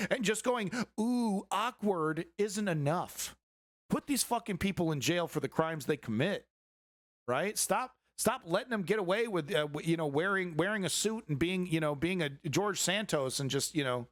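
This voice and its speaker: A man's voice: high voice, lively intonation, moderate pace, fairly bright tone, no room sound, clean studio sound. A man giving heated, profane commentary on news clips, ranting and sarcastic.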